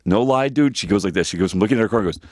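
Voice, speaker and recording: A man with a deep voice rattles off a long, rambling story at speed, swearing often and circling back on himself. His voice sounds close and dry, with no room around it. He is a podcast co-host in casual chat. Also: racing, husky, no room sound.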